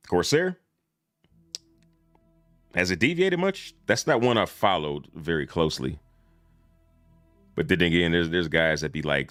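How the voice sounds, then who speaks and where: A man streaming live, reacting casually to game videos in a relaxed, slangy way and chuckling often. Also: sits low, no echo.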